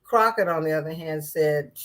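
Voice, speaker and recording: A woman's voice: sits low, normal speed. A woman giving casual political commentary in a sarcastic, rambling way, with many restarts and asides.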